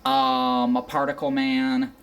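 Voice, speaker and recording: A woman with a very low voice hosts a casual interview. She asks curious questions and rambles a little, filling pauses with ums. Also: flat delivery, smooth. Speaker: podcast host.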